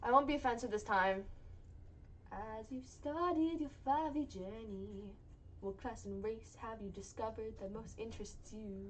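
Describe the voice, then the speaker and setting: A woman's voice: mid-range voice, a little hiss or hum. A woman co-hosting a casual talk show, teasing and bubbly, reading listener questions aloud. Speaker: podcast co-host. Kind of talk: casual chat.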